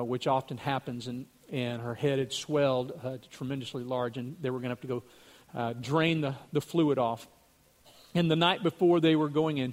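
A man earnestly telling a religious testimony story, acting out what other people said. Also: medium pitch.

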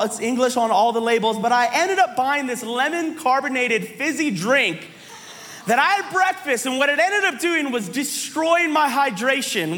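Male preacher, sermon delivery, lively comic storytelling, high bright voice. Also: in a large hall. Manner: animated storytelling, voices quoted people.

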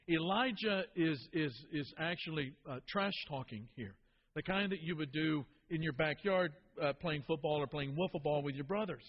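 A man's voice: fairly high pitch, normal speed, big-room sound, dull audio, slight background noise. A man preaching a sermon to his congregation, asking them questions and repeating key phrases for emphasis. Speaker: pastor.

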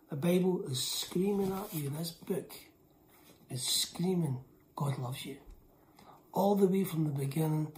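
A woman preaching in a low, mellow voice. She delivers an emphatic sermon, repeating lines for weight and sinking to hushed whispers between firmer passages. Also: a little hiss or hum.

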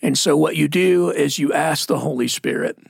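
A man's voice: fairly high pitch, normal speed, gravelly, husky, dry recording, clean studio sound. A man with a Texan accent talking bluntly and folksily about faith, laughing often. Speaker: Christian podcast guest. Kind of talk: casual faith discussion.

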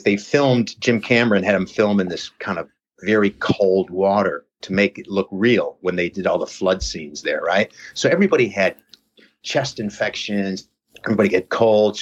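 Rambling man, husky low voice. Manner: rambling, lots of "you know" fillers. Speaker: podcast guest, personal trainer. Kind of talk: casual storytelling chat. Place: lives near Reading, England. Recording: dull lo-fi sound.

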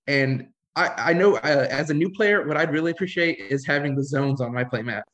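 A man's voice: fairly high pitch, a little fast, a bit bright. Man giving plain practical advice. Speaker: podcast co-host. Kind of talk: casual chat.

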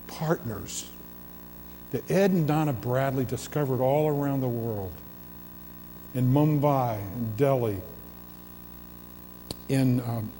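A man delivers a sermon at an unhurried, deliberate pace, his voice mellow and warm. He stacks up repeated phrases for emphasis. The sound rings with the long reverb of a big church hall, over a faint hum. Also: mid-range voice. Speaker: pastor.

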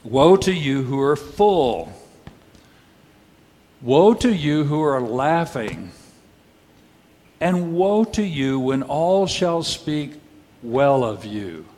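A pastor delivers his sermon slowly and deliberately, his voice a touch higher than most men's. He poses pointed rhetorical questions and drops dry, wry asides. His words ring out with a long reverb in a church sanctuary. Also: big pitch swings, darkish tone.

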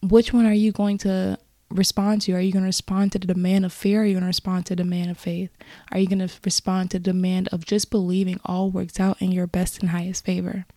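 A woman hosts a casual motivational podcast, speaking earnestly and encouragingly to her listeners. Her voice is warm and mellow, and she often wanders into rambling asides. The sound is dry and close, with no room echo. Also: lowish voice, flat delivery, fairly quick. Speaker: podcast host.

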